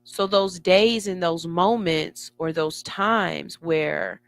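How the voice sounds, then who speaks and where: A woman's voice: lowish voice, vocal fry, no echo. A woman radio host giving an emphatic, sassy motivational talk. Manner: emphatic, sassy, building excitement.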